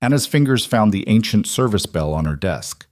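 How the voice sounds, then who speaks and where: Man, dramatic scripted narration, deep voice, dry recording. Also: expressive, moderate pace, darkish tone, no room sound. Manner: dramatic, suspenseful storytelling.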